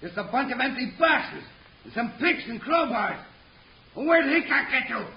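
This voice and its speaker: An actor playing Bull, a rough, dim-witted outlaw henchman in an old radio western, talking in an ungrammatical drawl. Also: very high-pitched, very animated, moderate pace, exaggerated voice. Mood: gruff. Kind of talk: 1950s radio drama acting. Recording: echoey dull old radio broadcast.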